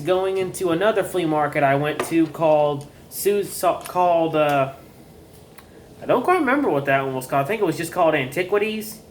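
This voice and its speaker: A man's voice: a little high, fairly bright tone, a little hiss or hum. A young man, showing off his flea market finds in a casual, rambling vlog, often correcting himself as he goes. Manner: rambling, self-correcting, folksy. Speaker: YouTuber showing collectibles. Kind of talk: casual show-and-tell vlog.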